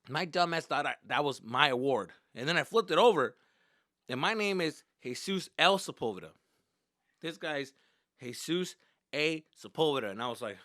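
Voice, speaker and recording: A young comedian tells childhood stories in a bright, forceful voice, swearing freely and acting out what people said. His voice sits in a middle register. It sounds close and dry, with no room around it. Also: fairly high pitch, moderate pace, no room sound. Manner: profane, animated, acts out quotes. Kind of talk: casual comedic storytelling.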